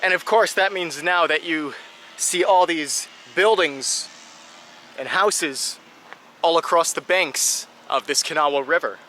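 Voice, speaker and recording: A man's voice: fairly high pitch, slow pace, pushed and bright, a little hiss or hum. A man narrating a travel vlog, explaining sights and food with eager, guide-like enthusiasm. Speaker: travel vlogger.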